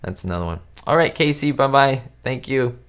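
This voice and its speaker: A man's voice: medium pitch, animated, brisk, a bit bright, clean tone. A man whose first language is Spanish, hosting a casual live-stream chat, rambling with fillers and restarts as he greets viewers by name. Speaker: YouTube host answering live chat. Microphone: webcam setup.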